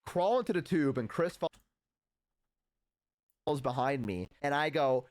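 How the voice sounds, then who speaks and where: A man's voice: fairly high pitch, measured pace, dry recording. A man casually telling a childhood story on a stream, rambling with lots of fillers. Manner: rambling, animated with many fillers.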